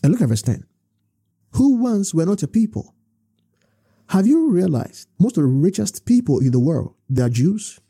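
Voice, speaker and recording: Male preacher, sermon, husky voice, mellow dark tone, repeats verses slowly. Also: high-pitched, sing-song. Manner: emphatic, repeats scripture slowly and exhorts the congregation.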